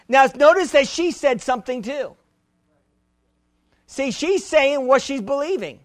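High-voiced emphatic male preacher. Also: lively intonation, unhurried, no echo. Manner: emphatic preaching with frequent repeated words. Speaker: pastor. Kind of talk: sermon.

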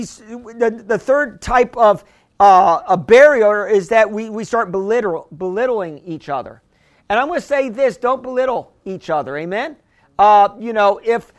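A pastor preaching a conversational sermon, often restarting phrases and asking the congregation whether they hear him. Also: male voice, high voice. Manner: conversational preaching with frequent restarts and call-and-response questions.

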